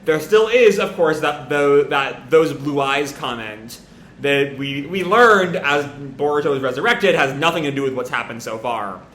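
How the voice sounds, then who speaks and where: Animated man with a bright, roomy voice. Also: on the high side, normal speed, a little hiss or hum. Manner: casual, rambling commentary with fillers. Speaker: manga reaction host. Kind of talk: live reading and reaction. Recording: roomy echo.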